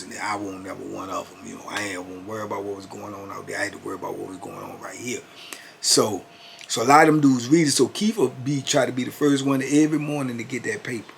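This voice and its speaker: A man's voice: on the low side, creaky, slight background noise. A man in his fifties telling a story in a laid-back, conversational way, full of "you know what I'm saying". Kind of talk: casual storytelling.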